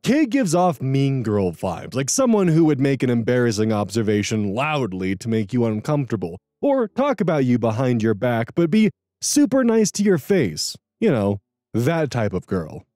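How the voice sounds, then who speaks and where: A man reading online stories aloud in an animated, expressive way, adding wry comments of his own. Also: mid-range voice, normal speed, dry recording, clean studio sound. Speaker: story narrator and commentator.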